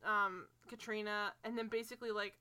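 A young woman co-hosting a podcast, chatting casually about a TV show, animated and laughing often. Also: mid-range voice, fairly quick, clean tone, dry recording. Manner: animated, laughs often, trails off mid-sentence. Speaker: podcast co-host. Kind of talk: casual chat recapping a TV show.

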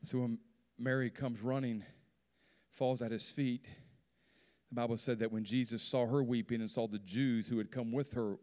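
A man preaching a sermon in church, swinging from hushed, quiet lines to loud, soaring rises. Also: mid-range voice. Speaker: pastor. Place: church sanctuary.

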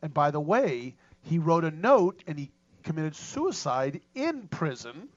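A man with a high voice hosts the panel and tells the story in a brisk, emphatic manner. The recording has a dull, lo-fi tone. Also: big pitch swings. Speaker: show host. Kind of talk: legal discussion panel.

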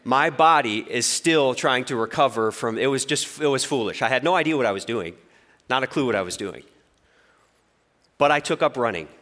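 Animated man in his forties preaching. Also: mid-range voice, moderate pace. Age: 40s. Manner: lively storytelling, acts out inner voices. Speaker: pastor. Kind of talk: sermon.

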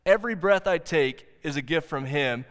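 A man preaching a sermon as pastor, earnest, slowing down to stress key points. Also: fairly high pitch, fairly bright tone. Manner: earnest preaching, slows for emphasis. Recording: long hall reverb.

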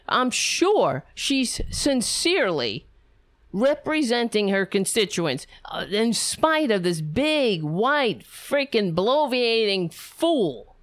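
A woman's voice: fairly high pitch, no room sound. Scornful, foul-mouthed woman commentator. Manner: sarcastic, scornful, swears freely. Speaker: political commentator. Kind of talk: profane reaction commentary.

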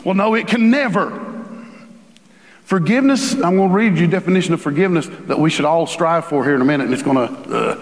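A man preaching a sermon as a pastor, animated and acting out the voices he quotes. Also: on the high side, quick pace. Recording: reverberant hall.

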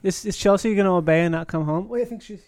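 A man's voice: sits high, fast, a little mellow, no room sound. A man appearing as a podcast guest who sounds reluctant and sheepish. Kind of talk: casual comedic chat.

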